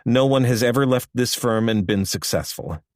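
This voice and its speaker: A man voicing an imposing, stern firm chairman who speaks slowly, in a warning tone, in an audiobook. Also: mid-range voice, no room sound, clean studio sound, close to an everyday voice.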